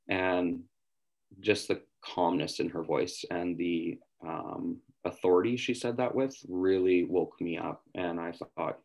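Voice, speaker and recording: Low-voiced man answering earnestly. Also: fairly even intonation, slow pace, darkish tone, rough recording. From West Kootenays, British Columbia, Canada. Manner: earnest, candid storytelling. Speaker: interviewee in addiction recovery. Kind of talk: reflective interview answers.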